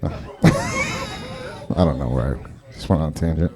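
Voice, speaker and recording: A man's voice: extremely low pitch, wildly swooping pitch, slow pace, a crowd in the background. A man doing open mic stand-up, rambling and profane, laughing at his own jokes. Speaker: stand-up comedian. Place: comedy club stage.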